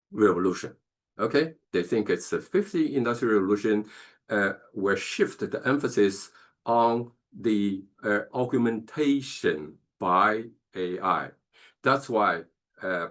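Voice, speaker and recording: Man, professor, masterclass lecture, lowish voice, halting, lots of fillers, keeps asking "okay?". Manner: halting, many fillers and restarts, checks in with "okay?". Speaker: professor leading a business masterclass.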